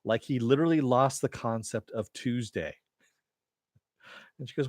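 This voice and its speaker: A man's voice: mid-range voice, lively intonation, normal speed, pauses often, dry recording, studio quality. A man giving a casual, rambling recap of a TV episode, with lots of fillers and the odd chuckle. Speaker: TV episode reviewer.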